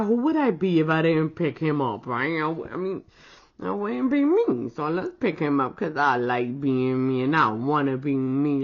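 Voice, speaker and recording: A woman's voice: low-pitched, animated, moderate pace, lo-fi sound. Playful slangy woman, nail vlogger. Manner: playful, slangy, chatty with viewers. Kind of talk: casual demo chat.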